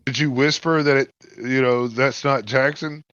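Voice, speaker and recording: A man's voice: medium pitch, fairly even intonation, normal speed, fairly bright tone, clean tone, dry recording. Casual cursing male player, dry dull sound. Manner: casual, swears freely, hesitant restarts. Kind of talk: casual tabletop game chat.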